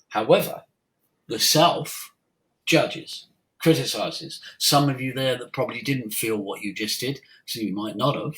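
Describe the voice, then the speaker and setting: Brief: middle-aged male voice coach, medium pitch, deliberate and emphatic, demonstrates with his own voice, animated storyteller. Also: rough recording. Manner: lively storyteller. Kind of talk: interview, teaching by demonstration.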